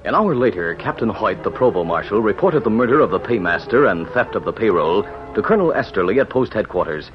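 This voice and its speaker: A man's voice: on the low side, lively intonation, fast, few pauses, over music. A man giving scripted dramatic narration in an urgent, declamatory way, on a muffled vintage radio recording.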